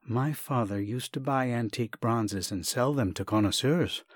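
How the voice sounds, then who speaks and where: A man's voice: mid-range voice, normal speed, no echo, natural voice. A man voicing a nervous, over-polite young man in a dry storybook reading, agitated and repeating himself. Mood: agitated pleading. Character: earnest nervous young man, fussy and grateful.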